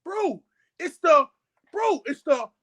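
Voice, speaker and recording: A man with a very high voice rants about football at a slow pace as co-host of a heated, casual chat. He's animated, venting with London slang and repeating words. The recording is rough.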